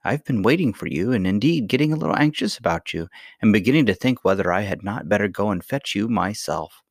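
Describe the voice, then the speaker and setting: A man reading a storybook, voicing a sweet and gentle magical old grandmother with a soft, kindly manner. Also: fairly low pitch, animated, fairly quick, no room sound, studio quality. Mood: tender.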